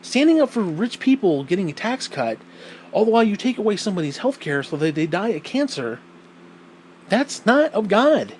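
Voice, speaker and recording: A podcast host with a high-pitched voice talks fairly quickly in a casual opinion monologue on his own show. He's blunt and profane, swearing for emphasis and raising his voice when indignant. The recording is low quality, with a little hiss or hum.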